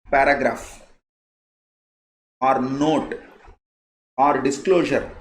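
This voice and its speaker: A male teacher with an Indian English accent, giving a live online lecture, repeating key phrases for emphasis in a conversational way. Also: on the high side. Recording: echoey room, faint noise.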